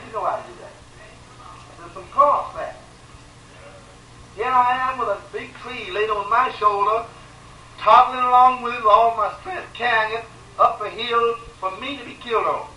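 A man preaching a sermon with emphatic repetition, swinging between loud pleading and quiet, sorrowful lines. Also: sits high, moderate pace, slight background noise. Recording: echoey room from far off, faint ambience.

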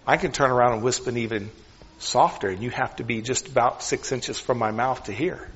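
A male pastor preaching a sermon earnestly, with deliberate pauses and drops to a near whisper for emphasis. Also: mid-range voice, husky. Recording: dull sound with long hall reverb.

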